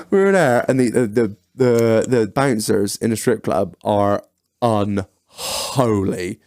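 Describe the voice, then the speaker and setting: A man hosts a casual podcast and tells rowdy stories laced with swearing. His pitch rises and falls a lot as he talks. The sound is dry and close. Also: slow pace, dry recording. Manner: profane, animated anecdote-telling. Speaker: podcast host.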